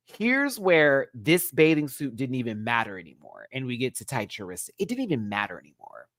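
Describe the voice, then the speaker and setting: A man hosting a live recap stream, talking in a sassy, campy way with big swoops in pitch. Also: very animated, fairly quick, a bit bright, no echo, clean studio sound.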